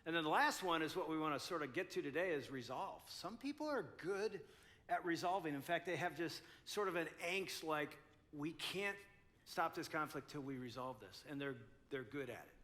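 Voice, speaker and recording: An older man in his sixties gives a conference talk, spinning an animated, self-deprecating story. His voice sits high for a man and rings bright and forward. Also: fairly quick. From United States. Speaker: conference speaker. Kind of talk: storytelling talk to a live audience.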